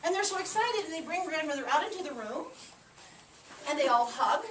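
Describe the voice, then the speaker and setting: A woman with a bright, high voice that swoops up and down narrates a fairy tale, pausing to prompt children to repeat the lines. She sounds far from the camera mic, in a boomy room with plenty of background noise. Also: expressive, reverberant. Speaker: storyteller leading children in a play. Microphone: camcorder mic from a distance.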